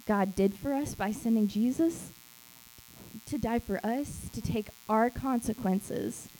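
A woman's voice: fairly high pitch, slow, warm tone, rough recording. A woman who leads a small group, giving an emphatic church teaching talk. She repeats key phrases and acts out quoted lines.

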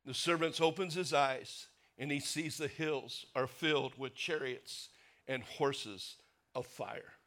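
Earnest man preaching a sermon. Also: slow pace. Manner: earnest preaching, drops low and soft for emphasis, rises for rhetorical questions. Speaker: pastor.

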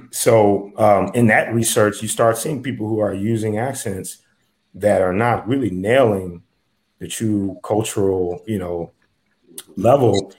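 A man's voice: lowish voice, slow, a little mellow. A man from the United States hosting a casual chat, reflective and rambling with many fillers. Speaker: host, comedian.

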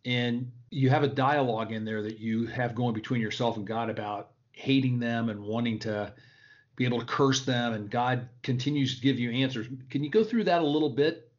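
A man hosts an interview, asking measured questions and warmly affirming what his guest has said. His pitch is mid-range for a man. The audio comes through dull and low-fi. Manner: attentive, affirming, with brief murmurs of agreement. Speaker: interview host. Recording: muffled low-fidelity audio.

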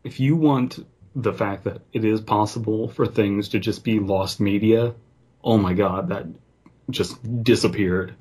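A man's voice: fairly low pitch, fairly even intonation, unhurried, darkish tone. A man co-hosting a podcast, reading a horror story aloud and breaking off for casual, easily amused chat. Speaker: podcast co-host and story reader.

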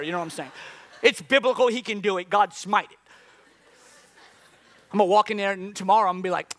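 Animated high-voiced man preaching. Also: fast, dry recording. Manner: animated storytelling, breathless acted gasps. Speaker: pastor. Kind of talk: sermon with comic story.

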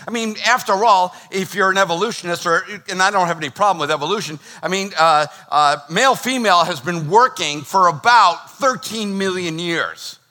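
A middle-aged man preaches a sermon with a high, bright, forceful voice. He talks in an animated way and slips into the voices of the people he quotes. His delivery is that of a pastor speaking from the pulpit.

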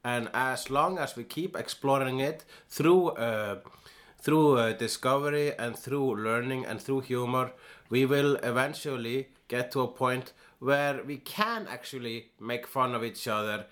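A man from Iceland chats on a podcast in an easygoing, playful way. He stops and restarts often, with plenty of ums and uhs. His pitch sits in the middle. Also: a bit bright. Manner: halting, many fillers and restarts, playful. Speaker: podcast co-host. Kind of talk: casual podcast chat.

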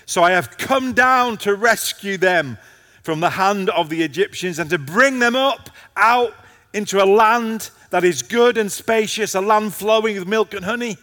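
A man's voice: high voice, measured pace, sharp tone, long reverb tail. A male pastor preaching a passionate sermon to a congregation, his intensity rising and falling.

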